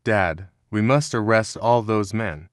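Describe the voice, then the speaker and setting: A man voicing a shaken young adult son in a read-aloud story, in an even, measured delivery. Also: lowish voice, no room sound, clean studio sound. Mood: upset.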